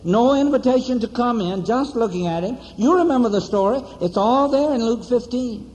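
A man preaching a sermon, telling a story with dramatic pauses and repeated rhetorical questions to the congregation. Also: extremely high pitch, darkish tone. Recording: dull, echoey church hall recording.

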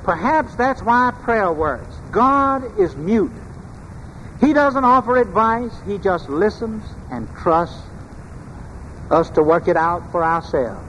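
In a large church full of long reverb and a faint background hum, a man preaches with a high, expressive, fairly bright voice. He delivers his sermon in a measured, emphatic way, lingering on rhetorical questions.

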